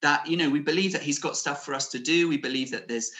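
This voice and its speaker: A man's voice: fairly high pitch, quick pace, bright, forceful tone. A man preaching a sermon over a video call, earnest and conversational, with fillers and restarts, rising to emphatic declarations. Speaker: pastor.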